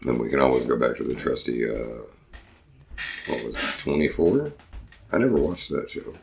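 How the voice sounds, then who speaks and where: Very deep, gravelly-voiced man. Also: big pitch swings, moderate pace, slight background noise. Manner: dry, sarcastic joking. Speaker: podcast co-host. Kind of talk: casual chat.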